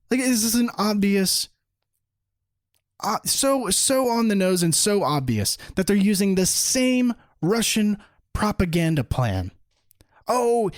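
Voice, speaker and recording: A man's voice: on the high side, no echo, studio quality. Indignant man hosting a podcast. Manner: indignant, mocking, laughs at his own points. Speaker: podcast host. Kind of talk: solo political commentary podcast.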